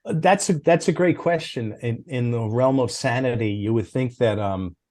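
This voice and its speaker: A man's voice: mid-range voice, moderate pace, no room sound. A middle-aged man, a former comics editor, telling stories in an interview and acting out the dialogue. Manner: animated, acts out quoted dialogue. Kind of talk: interview storytelling.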